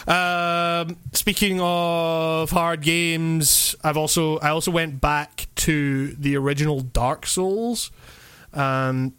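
A man's voice: on the high side, takes it slowly, smooth. A man chatting casually about video games, rambling with many fillers and swearing, often laughing. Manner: animated, laughing. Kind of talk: casual chat.

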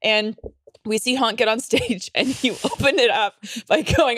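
Woman, podcast co-host, playful and slangy, fairly high voice, dry close sound. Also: a little slow, fairly bright tone, no room sound. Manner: playful, slangy, swears freely. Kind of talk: casual comedic chat.

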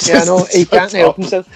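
A man's voice: high voice, level tone, moderate pace, loud music behind the voice. A young Scottish man hosting a casual podcast, teasing his friends, laughing often and swearing freely. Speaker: podcast host. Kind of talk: casual banter.

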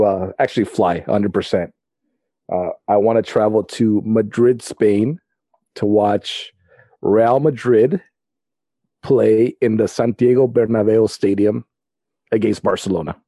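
Slow, low, mellow-voiced man. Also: dry recording, poor audio. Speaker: podcast co-host. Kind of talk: casual chat.

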